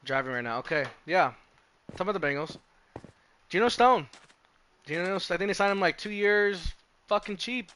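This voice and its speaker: A man's voice: high voice, normal speed, long pauses, pushed and bright, clean tone. A young man live streaming, chatting casually and rambling with lots of swearing and restarts. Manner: profane, rambling, self-interrupting. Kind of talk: casual live-stream chat about football.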